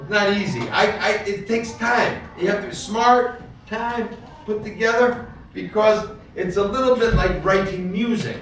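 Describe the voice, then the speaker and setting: A man teaching English literature to a class, repeating key words slowly and patiently for the learners. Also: high-pitched, fairly bright tone, a little hiss or hum. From United States. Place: school classroom full of students. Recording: echoey classroom, far from the mic.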